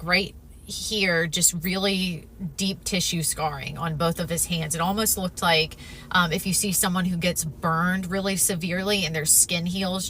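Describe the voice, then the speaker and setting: Earnest bright-voiced woman testifying. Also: on the low side, slight background noise. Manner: earnest, emphatic, with frequent "um" and "if you will". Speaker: storyteller sharing a near-death experience. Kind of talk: personal testimony.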